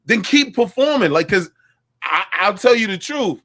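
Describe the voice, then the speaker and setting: A man's voice: high-pitched, sing-song, moderate pace, sharp tone. A man co-hosting a casual comedy chat who talks eagerly and agrees readily.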